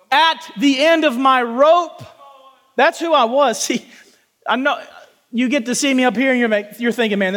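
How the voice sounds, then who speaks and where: A man preaching a testimony sermon in a church, talking with passion and folksy asides, and shouting at the peaks. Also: extremely high pitch, in a large hall. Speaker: pastor. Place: church sanctuary with congregation.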